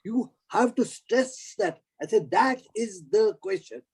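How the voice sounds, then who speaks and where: Halting, joking man. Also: sits high, animated, a little mellow, breathy edge, poor audio. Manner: playful, halting, many fillers. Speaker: book club member. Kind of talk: casual chat.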